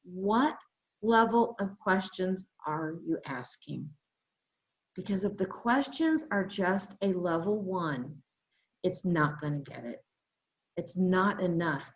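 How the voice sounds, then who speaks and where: A woman leading an adult education webinar, talking to teachers with lots of excitement and reading chat replies aloud over a computer microphone. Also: fairly low pitch, slow. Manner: enthusiastic, exclamatory, reads chat aloud. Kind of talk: webinar presentation. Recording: roomy, slightly dull webinar audio.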